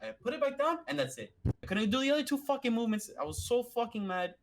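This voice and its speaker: A man's voice: extremely high pitch, animated, fast talker, a little hiss or hum. A young man co-hosting a podcast, telling a frustrated story in casual chat with heavy swearing. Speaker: podcast co-host.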